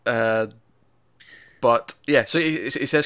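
Guy co-hosting a review chat, middle pitch, chatty and analytical, very dry close sound. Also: unhurried, a bit bright, smooth, no room sound. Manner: chatty, analytical, frequent restarts. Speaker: podcast co-host.

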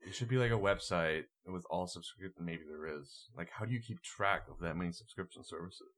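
A man's voice: low voice, fairly quick. A man co-hosting a podcast, chatting casually with lots of fillers. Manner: relaxed, rambling with fillers. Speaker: podcast co-host. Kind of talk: casual chat.

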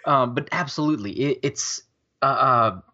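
A man's voice: medium pitch, normal speed, pushed and bright. A man co-hosting a film podcast, talking casually and hesitantly, with many fillers and restarts. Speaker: podcast co-host. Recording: dull, lo-fi audio.

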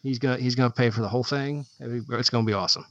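Man, podcast co-host, casual chat, rambling, bright voice, dull lo-fi sound. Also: mid-range voice, steady tone, very fast, no room sound. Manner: rambling, searching for words. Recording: dull, dry lo-fi podcast audio.

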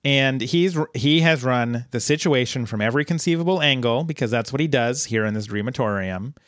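A man co-hosting a casual podcast, recapping a TV episode in a chatty, halting way with many restarts. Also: mid-range voice, dry recording, clean studio sound. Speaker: podcast co-host.

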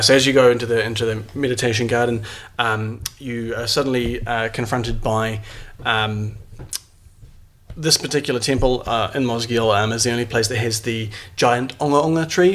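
A man's voice: mid-range voice, steady tone, moderate pace, a bit bright. A man narrating a tabletop game as game master, rambling and jokey with many fillers.

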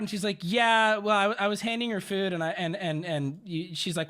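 A man's voice: high-pitched, moderate pace. A male streamer telling a story in a casual, profane rant, acting out the people he quotes. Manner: animated, profane, acts out quoted voices.

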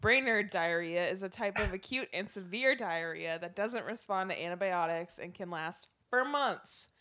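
A woman co-hosting a casual podcast chat with friends, teasing the others and reading out trivia facts slowly and carefully into a microphone. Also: fairly low pitch, background noise. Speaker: podcast co-host.

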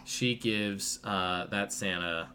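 A man with a lowish voice recaps a story in a loose, rambling way, full of fillers and casual swearing. Faint noise sits behind him. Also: fairly even intonation, slow pace, pushed and bright. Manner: rambling, laid-back, profane, lots of fillers. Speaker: podcast co-host recapping a film. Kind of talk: casual retelling with acted quotes.

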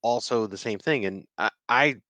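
A man co-hosts a podcast, chatting in a casual, offhand way. His mid-range voice is bright and forceful, moves at normal speed, and carries no room sound.

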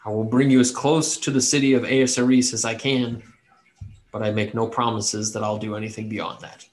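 A man's voice: on the low side, level tone, moderate pace, close to an everyday voice. A man voicing a cursed male elf prisoner who speaks in grave, plain warnings. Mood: grim.

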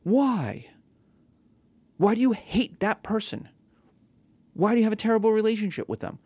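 Animated man lecturing a class. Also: high voice, moderate pace, breathy edge, dry recording. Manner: animated, rhetorical questions, acts out quotes. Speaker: teacher.

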